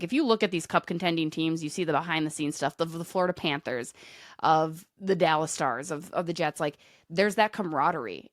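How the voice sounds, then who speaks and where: A woman's voice: sits low, no echo, clean studio sound. A woman co-hosting a hockey podcast, chatty and opinionated, talking loosely with many fillers. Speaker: podcast co-host, hockey reporter. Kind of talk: casual chat.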